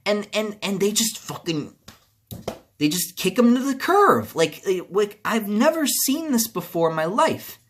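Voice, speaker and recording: A man's voice: high-pitched, big pitch swings, unhurried, slight background noise. A man ranting about a video game as a video creator, angry and profane, repeating himself as he vents. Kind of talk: video game commentary rant.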